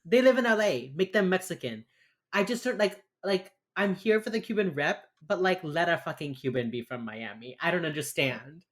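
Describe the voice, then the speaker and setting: A man's voice: a little high, expressive, moderate pace. A man co-hosting a podcast, tipsy and ranting with heavy sarcasm and casual swearing while recapping a TV episode. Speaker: podcast co-host.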